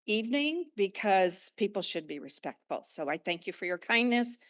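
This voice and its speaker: A woman's voice: mid-range voice, big pitch swings, normal speed. An older woman, a longtime resident, giving a frustrated but polite comment at a town meeting.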